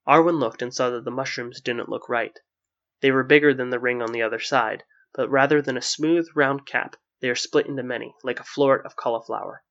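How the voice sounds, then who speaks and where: Male narrator, mid pitch, even storybook reading, lo-fi muffled sound. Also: brisk.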